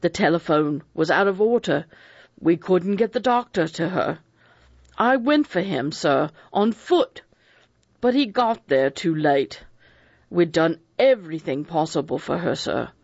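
A man's voice: fairly high pitch, lively intonation, unhurried, creaky, no room sound, heavily acted. A man voicing a nervous older male servant who insists on his innocence in a defensive, pleading way. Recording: dull, dry lo-fi recording.

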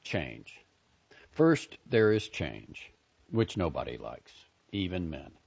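A man's voice: sits low, sing-song, slow pace, creaky, breathy edge, pitched below the performer's own voice, heavily acted. A man voicing a fussy elderly immigrant father who lectures his grown daughter earnestly and insistently. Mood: earnest lecturing. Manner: lecturing, insistent, gently scolding. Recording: dull lo-fi recording.

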